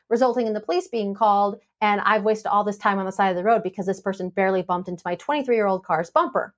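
A woman on a podcast, coaching and telling a story with lively quoted voices. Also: medium pitch. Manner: animated storytelling, acts out quoted dialogue. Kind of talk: casual podcast conversation.

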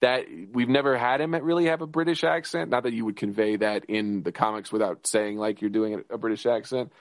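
Excited rambling man on a dry mic. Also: mid-range voice, dry recording. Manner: excited, rambling, fast with restarts and laughs. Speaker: podcast co-host. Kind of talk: casual chat.

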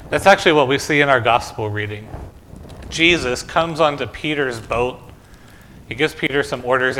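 A man's voice: medium pitch, pushed and bright, a little hiss or hum. A man pastor reading the gospel, then giving a conversational children's sermon full of questions in a church. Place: church sanctuary.

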